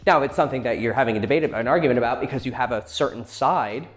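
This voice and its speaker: A man's voice: mid-range voice, very fast. A man giving blunt, profane dating advice in a casual lecture, acting out quoted lines as he goes.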